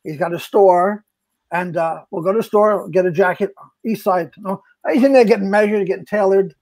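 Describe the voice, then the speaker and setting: Older man spinning comedy anecdotes. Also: sits high. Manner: animated, acts out quotes, halting restarts. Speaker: guest comedian. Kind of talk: storytelling in casual chat.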